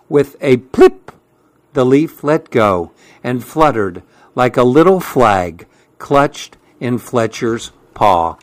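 A man reading a children's storybook aloud in a gentle, unhurried, expressive way. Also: mid-range voice.

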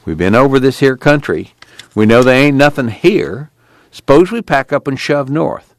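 A man's voice: lively intonation, moderate pace, lightly acted. A man voicing a restless, worn-down young man in an audiobook reading, plain-spoken and tired. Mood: weary. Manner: plain-spoken, weary, lifted above the narrator's pitch.

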